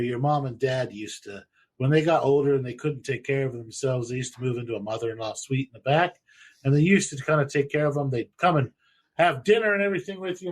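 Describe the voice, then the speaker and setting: A man telling stories in a loose, rambling and profane way as host of a casual chat show. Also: medium pitch. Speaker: podcast host.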